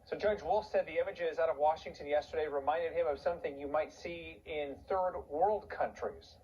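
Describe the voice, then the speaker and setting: A man reading the news as a TV anchor in a steady, formal way. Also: a little high, normal speed. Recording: dull TV audio.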